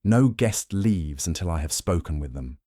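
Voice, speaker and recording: Poirot, a low-voiced man reading a shrewd detective. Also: lively intonation, warm tone, dry recording, clean studio sound. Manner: measured, pointed questioning. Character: shrewd older male Belgian detective, probing. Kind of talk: audiobook narration.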